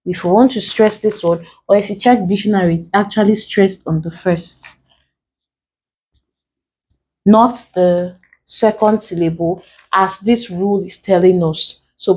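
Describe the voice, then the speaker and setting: A woman teaching an exam-prep lesson, spelling out word endings letter by letter in a deliberate way. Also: fairly low pitch, a little mellow. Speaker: English tutor.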